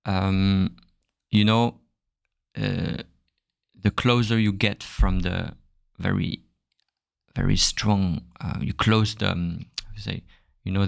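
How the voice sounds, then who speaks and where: French guy hosting a language podcast, real low voice, dry close mic, lots of ums. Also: slow pace, vocal fry, long pauses, no room sound. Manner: relaxed, searching for words, many fillers. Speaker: French teacher, podcast host.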